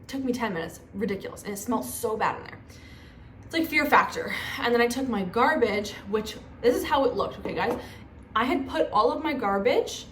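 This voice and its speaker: A young woman vlogger telling stories in a chatty, animated way, full of fillers. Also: on the high side. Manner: chatty, animated, lots of 'like'. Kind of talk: casual storytelling vlog. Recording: echoey room with faint noise.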